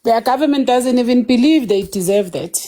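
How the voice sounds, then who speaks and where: A South African woman arguing forcefully in a heated online discussion, switching between English and isiZulu. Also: a little high, expressive, fairly quick. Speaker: activist speaker.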